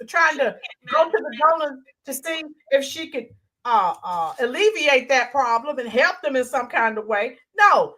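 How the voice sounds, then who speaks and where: A woman co-hosting a casual political commentary livestream, animated, reading out viewer comments and greeting them by name. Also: sits high.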